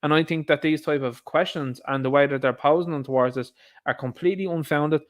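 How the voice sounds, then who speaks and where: A man's voice: a little high, fairly even intonation, a little fast. An Irish man giving indignant, sarcastic commentary on news headlines, addressing his viewers as lads. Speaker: vlogger, commentator.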